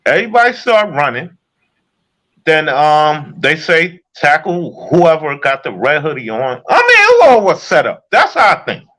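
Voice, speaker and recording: A man's voice: on the high side, wildly swooping pitch, measured pace, bright, forceful tone. A man giving heated, profane casual commentary while reacting to a video, repeatedly incredulous. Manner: heated, incredulous, swears a lot.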